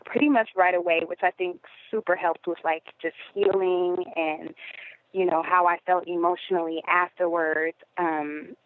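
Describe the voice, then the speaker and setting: A woman's voice: on the low side, steady tone, moderate pace, slight background noise. A woman as a podcast guest, telling a personal story in a rambling, conversational way with many fillers. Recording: phone-like narrow audio.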